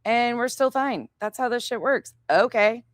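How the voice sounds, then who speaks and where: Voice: mid-range voice, expressive, normal speed, no room sound. Sarcastic podcast host, dry close sound. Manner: sarcastic, mocking, profane. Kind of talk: reaction commentary podcast.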